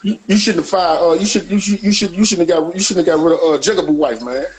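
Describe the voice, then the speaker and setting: Brief: quick, high-pitched man, loose rambling banter over faint music. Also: a little mellow, a little hiss or hum, poor audio. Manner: rambling, repeats "you hear me". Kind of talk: casual banter.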